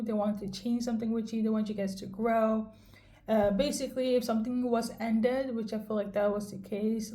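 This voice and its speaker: Woman card reader with a higher-pitched voice, talks straight to the viewer in a loose, candid, chatty way. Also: mellow, a little hiss or hum. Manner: chatty, addresses viewer directly, frequent "okay?" check-ins; conversational and candid, occasional swearing. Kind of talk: casual intuitive card reading to camera.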